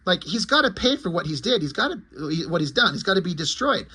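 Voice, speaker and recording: A man's voice: sits high, big pitch swings, quick pace, sharp tone, husky, heavily acted. A man voicing a grieving, angry young woman who insists on hard choices. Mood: insistent. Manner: insistent, pushing for agreement.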